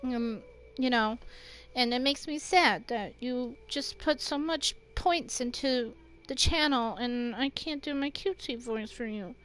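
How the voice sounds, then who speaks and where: A woman's voice: on the high side, a little slow, a bit bright, clean tone. A woman streaming a game live, chatting casually with viewers and swearing freely as she plays. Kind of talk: casual live-stream chat while gaming. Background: game music.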